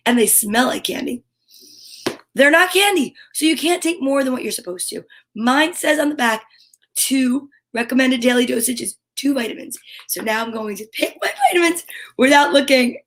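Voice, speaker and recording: A woman's voice: high-pitched, a bit bright. A woman hosting a cheerful live-stream chat for her viewers, bubbly and exclamatory, with gasps and whispers. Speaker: storytime host.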